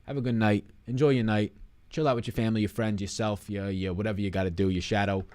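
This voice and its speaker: A young man hosting a sports betting livestream signs off in a rambling, profane, joking way, out of breath. His voice is on the low side with a steady, darkish tone, and he talks fast.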